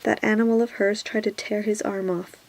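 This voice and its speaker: A woman's voice: mid-range voice, level tone, fairly quick, gravelly, rough recording. A woman voicing a cold, haughty queen in a whispered role-play. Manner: soft whisper.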